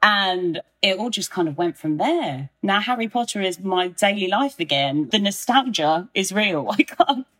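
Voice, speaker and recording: A young woman in her twenties, a podcast guest talking in a chatty, excitable way. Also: mid-range voice, normal speed, few pauses. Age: 20s. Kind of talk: casual podcast chat.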